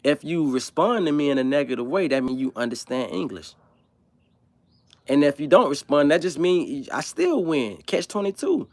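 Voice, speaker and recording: A man who grew up in South Florida, hosting a livestream and talking in a blunt, profane, animated way. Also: a little high, normal speed, no echo. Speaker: livestream host. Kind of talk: casual opinionated monologue.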